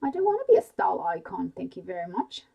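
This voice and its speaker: A woman's voice: lowish voice, huge pitch swings, fast talker, vocal fry, lo-fi sound, full character voice. A woman voicing an impulsive, dramatic young actress in a whispered bedtime story. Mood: grumpy. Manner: exclaiming and protesting. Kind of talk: whispered role-play.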